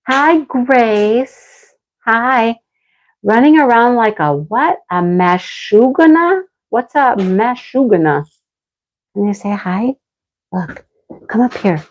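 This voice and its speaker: A woman's voice: a little high, lively intonation, slow pace, rough recording. A middle-aged woman hosting a casual livestream, chatting with viewers and talking to her dogs. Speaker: livestream host.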